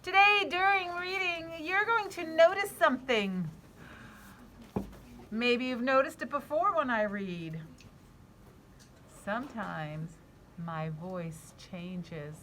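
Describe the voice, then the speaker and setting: A woman teacher in her thirties, reading aloud to children in an animated, encouraging way. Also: very high-pitched, measured pace, slight background noise.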